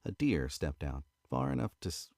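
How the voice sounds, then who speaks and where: A man with an Australian accent reading a novel aloud in a relaxed, casual way, now and then correcting his own slips. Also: low-pitched, moderate pace, vocal fry, no room sound, clean studio sound. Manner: relaxed, stops to correct misread words. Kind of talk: casual read-aloud narration.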